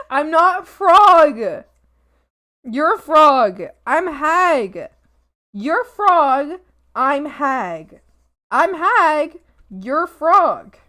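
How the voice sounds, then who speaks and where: A woman's voice: high-pitched, pushed and bright. A woman streamer chatting casually and playfully with her viewers, often squealing and giggling. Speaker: art streamer.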